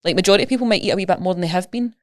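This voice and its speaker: A Scottish woman talks fast in a lowish register, explaining her coaching work with lively everyday examples. The sound is dry and close, with no room around it. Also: no room sound. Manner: chatty, rapid, animated explaining with examples. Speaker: nutrition coach, guest. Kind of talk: casual podcast interview.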